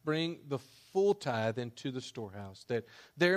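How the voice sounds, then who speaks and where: A man preaching a sermon as a pastor, emphatic, with loud declarations that drop to hushed asides. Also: mid-range voice, big pitch swings, unhurried.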